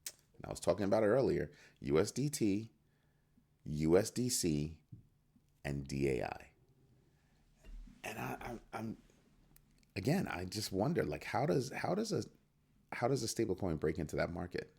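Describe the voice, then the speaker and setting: A man's voice: deep voice, sing-song, normal speed, creaky, long pauses, darkish tone, slightly rough. A man hosting a crypto news show in casual solo commentary, firing rhetorical questions and restarting his phrases. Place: home studio at a computer.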